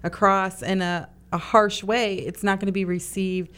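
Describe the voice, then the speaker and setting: A woman's voice: medium pitch, little pitch movement, normal speed, a bit bright, clear, resonant tone. A middle-aged woman guest on a radio talk show, explaining earnestly with lots of "you know.". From Italian-American family. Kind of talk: casual radio chat.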